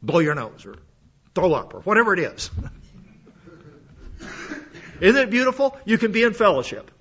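A man's voice: sits high, wildly swooping pitch, moderate pace, fairly bright tone, slightly rough. A man preaching a sermon in a folksy, conversational way, full of asides, while he is sick with a cough. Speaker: pastor. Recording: dull lo-fi sound.

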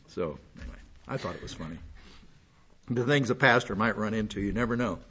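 Older male pastor, rambling folksy sermon, husky slightly high voice, muffled lo-fi recording. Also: animated, moderate pace, pushed and bright. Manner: folksy, rambling with frequent fillers and restarts. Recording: dull lo-fi sound.

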